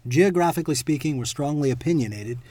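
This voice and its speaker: A man's voice: a little high, expressive, fast talker, warm tone, dry recording. A man co-hosting a podcast, chatting casually and teasing with mock seriousness. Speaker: podcast co-host. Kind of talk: casual chat.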